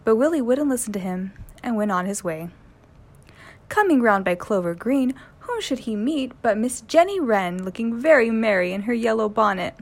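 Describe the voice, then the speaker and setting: Woman reading a children's story, gently. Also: on the high side, expressive, normal speed.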